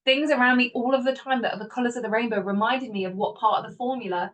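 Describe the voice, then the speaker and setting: A woman hosting a self-help podcast, talking in an animated way, laughing often and acting out her inner voices. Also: fairly high pitch, fast talker. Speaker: podcast host. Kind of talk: motivational self-help talk. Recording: voice a bit distant from the mic.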